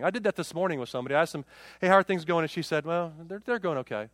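A man's voice: high-pitched, racing, fairly bright tone, no room sound, studio quality. A man in his forties, a pastor preaching a sermon, often repeating words as he goes. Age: 40s.

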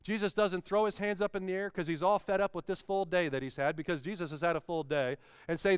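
A man's voice: high-pitched, steady tone, brisk, clear, resonant tone, no room sound, clean studio sound. A man preaching a sermon as pastor, with swelling emphasis and repeated phrases.

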